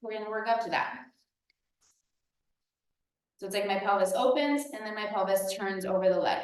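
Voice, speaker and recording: A woman's voice: medium pitch, moderate pace, very echoey, recorded from a distance, poor audio. A woman fitness coach leading a workout, cueing breaths as she demonstrates the moves, a little out of breath. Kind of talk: workout instruction.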